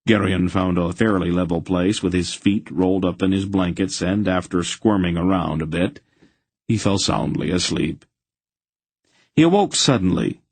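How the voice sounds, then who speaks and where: A man narrating a fantasy audiobook in a steady, even reading voice. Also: sits low, breathy edge, no echo. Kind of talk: scripted narration.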